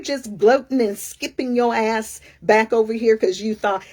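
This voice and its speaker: A middle-aged woman coach telling a story in a casual, animated, sassy way. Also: fairly high pitch, measured pace, hardly any pauses. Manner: animated, sassy, acts out other people's lines. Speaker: career coach.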